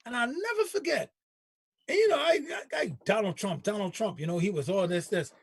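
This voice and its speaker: A man hosting a talk show, arguing politics in an animated, emphatic way and repeating himself. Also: high voice, a little fast, slightly rough, dry recording, clean studio sound. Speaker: show host. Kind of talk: heated political debate.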